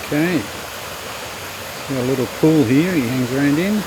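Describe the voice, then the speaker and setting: A man giving relaxed, low-key commentary to the camera as he walks a garden trail beside a stream. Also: normal speed. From Australia. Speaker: vlogger. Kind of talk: casual walking commentary. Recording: outdoor noise, running stream behind.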